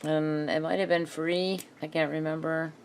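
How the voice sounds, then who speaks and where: A woman's voice: sits low, level tone, normal speed, background noise. A woman chatting casually to herself while she crafts, muttering and laughing often. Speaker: craft video maker.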